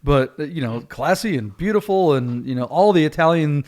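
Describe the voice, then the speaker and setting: Male co-host, enthusiastic and jokey, slightly high pitch, casual banter. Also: animated, normal speed, a little mellow. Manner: enthusiastic, gushing, joking. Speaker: co-host of a car auction show. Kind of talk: casual chat.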